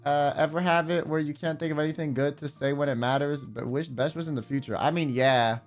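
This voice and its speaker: A man's voice: fairly high pitch, steady tone, fairly quick, soft background music. A man streaming and chatting casually, rambling with lots of fillers and swearing. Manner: rambling, profane, trails off with fillers. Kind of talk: casual livestream chat.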